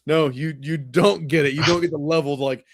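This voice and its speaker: A man co-hosting a podcast in casual chat, animated and profane, with tumbling phrases. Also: a little high, brisk, dry recording, studio quality. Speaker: podcast co-host.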